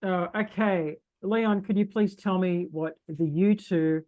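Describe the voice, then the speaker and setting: A quizmaster reads trivia questions and hands out points in a brisk, teasing manner. The voice has a middling pitch, and the recording is dry and close. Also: no echo, highs cut off. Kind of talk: casual party game hosting.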